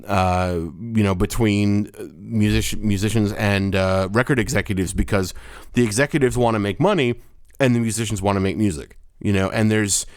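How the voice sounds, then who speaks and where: A man's voice: lowish voice, moderate pace, a little mellow, clear, resonant tone, dry recording, studio quality. A man co-hosting a casual movie podcast, rambling through his thoughts with lots of "you know" and "uh". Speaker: podcast co-host. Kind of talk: casual chat.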